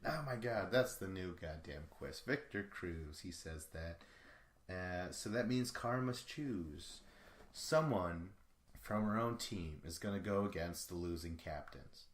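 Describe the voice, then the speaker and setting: Deep-voiced man swearing through a solo recap. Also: lively intonation, a little slow, echoey room. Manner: casual, profane, rambling. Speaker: podcast host.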